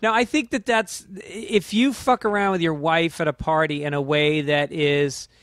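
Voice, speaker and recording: A man as a comedian guest in casual chat, thinking out loud and correcting himself. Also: on the high side, normal speed, clear, resonant tone, no room sound, clean studio sound. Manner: thoughtful, correcting himself as he talks.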